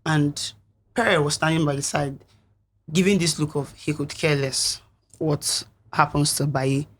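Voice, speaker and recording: A young woman, a reality show contestant, recounting events in an interview in an earnest, reflective way, with a husky voice. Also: sits low, steady tone, unhurried.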